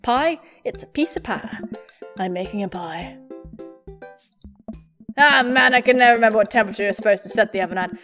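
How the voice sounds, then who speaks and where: A young woman with a slightly high voice plays through a dating game at home, reading the lines aloud as a gaming YouTuber. She keeps up a giggly, playful commentary broken by sudden loud squeals. Faint game music plays under her voice. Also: brisk, pauses often. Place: home room with a pet cat. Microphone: desk mic with face cam.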